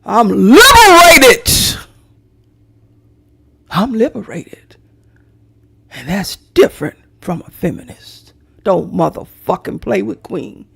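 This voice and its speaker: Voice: medium pitch, slow pace, creaky. A middle-aged vlogger ranting to viewers in a brash, profane, theatrical way, straight into a phone or webcam.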